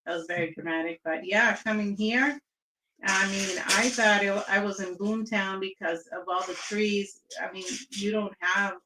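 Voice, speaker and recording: A woman's voice: mid-range voice, fairly even intonation, normal speed, noisy background. Chatty woman in an echoey room. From Southern California. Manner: reflective, chatty storytelling with restarts. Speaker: interview guest. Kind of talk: casual interview.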